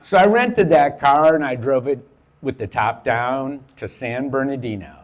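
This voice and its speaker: A man's voice: mid-range voice, a little slow. A middle-aged man telling a personal story in a casual, profane way, acting out the dialogue as he goes.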